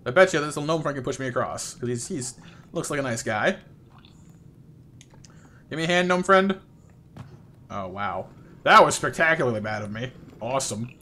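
Young man, live game streamer, playful and chatty, bright forceful voice, faint background hiss. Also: mid-range voice, lively intonation, moderate pace, pauses often. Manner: playful, chatty, greets chat by name, talks to game characters. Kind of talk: live gameplay commentary.

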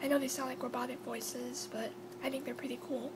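A woman chats casually as she hosts her video, apologizing often and slipping into a whisper now and then. Her voice sits high. A clear hum runs under the recording. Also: fairly even intonation, fairly quick, rough recording. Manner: chatty and apologetic, drops to a whisper at times. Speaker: video host. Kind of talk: casual chat.

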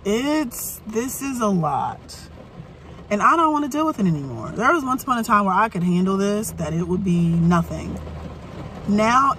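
Tired woman venting in her car, slow and halting, keeps restarting, faint noise outside. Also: mid-range voice, a bit bright. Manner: frustrated, halting, many restarts. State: burnt out and weary. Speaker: vlogger. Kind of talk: venting vlog rant. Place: inside her parked car. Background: faint rain and vehicle ambience.

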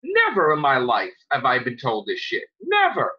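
A man hosting a podcast, ranting angrily with lots of swearing and sudden loud outbursts. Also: medium pitch, wildly swooping pitch, moderate pace, breathy edge. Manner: heated, profane, jumps to loud outbursts. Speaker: podcast host. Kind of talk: angry podcast rant. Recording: dull lo-fi sound.

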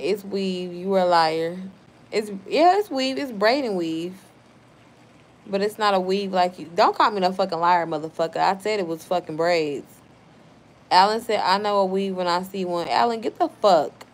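Tipsy from wine, a young woman hosts a livestream, reading chat messages aloud and firing back at chatters in a brash, profane way. She speaks at medium pitch and a moderate pace.

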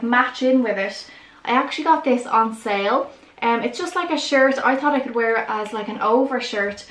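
A woman's voice: on the high side, fairly bright tone, a little hiss or hum. A young woman, chatting enthusiastically through a clothing haul on her vlog. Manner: chatty and enthusiastic, lots of "really, really". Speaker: vlogger. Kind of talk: casual haul vlog chat. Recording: echoey room.

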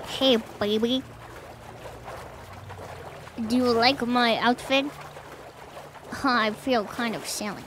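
A woman's voice: on the high side, takes it slowly, long pauses, background noise. A woman voicing a cheesy flirting man in a costume, delivering corny pick-up lines. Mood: flirty.

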